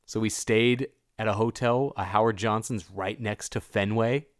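A man in casual podcast chat, telling animated stories about a film. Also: on the low side, normal speed, dry recording, studio quality. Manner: animated storyteller, mimics voices in anecdotes.

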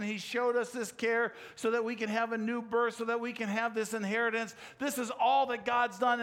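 A man's voice: very high-pitched, a bit bright. A man preaching a sermon, explaining scripture in an earnest way and telling a personal story against himself. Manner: earnest, explanatory, with self-deprecating anecdote. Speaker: pastor.

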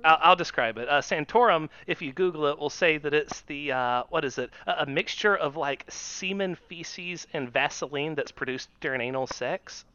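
A man's voice: a little high, moderate pace, hardly any pauses, sharp tone, smooth. A man co-hosting a podcast, talking bluntly and profanely, stumbling over his words. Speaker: podcast co-host. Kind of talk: casual chat. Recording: dry, dull lo-fi mic.

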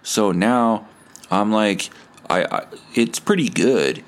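A spacey, rambling hippie guy, as a man puts him on. He drifts through his words, halting on "like" and "um". The voice stays low and unhurried. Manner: vague, halting, full of fillers. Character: rambling male hippie folk-fest guy.

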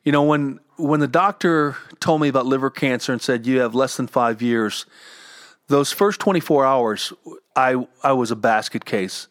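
A middle-aged cancer survivor and entrepreneur talks candidly at home, with his dogs around, about getting through illness and offers advice. He's earnest and often repeats words, speaking at a moderate pace in a mid-range, fairly bright voice. The sound is studio quality with no echo.

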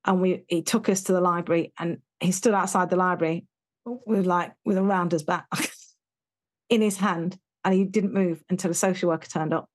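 A woman's voice: lowish voice, fairly even intonation, moderate pace. A middle-aged English woman, a guest in an interview, telling her life story frankly and animatedly, acting out the people she quotes.

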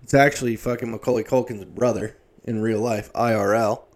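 A man's voice: on the low side, fairly even intonation, fairly quick. A man in his thirties ranting comedically, exasperated and swearing heavily. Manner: profane, exasperated, heavy swearing. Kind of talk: comedic rant.

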